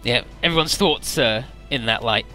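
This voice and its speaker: A man's voice: medium pitch, normal speed, sharp tone, faint music behind. A man casually recapping a video game story, loose and irreverent, with lots of filler words and swearing.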